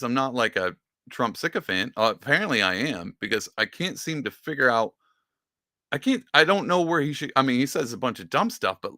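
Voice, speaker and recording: A man's voice: mid-range voice, vocal fry, sharp tone, dry recording, studio quality. A man hosting a podcast, giving casual, rambling political commentary with sarcastic asides. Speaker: podcast host.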